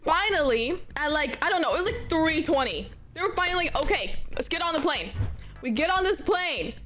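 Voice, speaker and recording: A young woman telling a story about a travel mishap, swearing freely and swinging between flat grumbling and disbelieving outbursts. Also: high-pitched, brisk, faint music behind. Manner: animated, swears a lot, swings from flat complaint to shrieking disbelief. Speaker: streamer. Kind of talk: casual storytime vlog.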